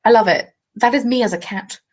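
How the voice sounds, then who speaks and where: A woman's voice: a little high, brisk, poor audio. A young southern English woman chatting casually on a craft live stream at home, joking and reading viewer comments aloud. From England. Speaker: craft vlogger. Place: at home, seated. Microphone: webcam.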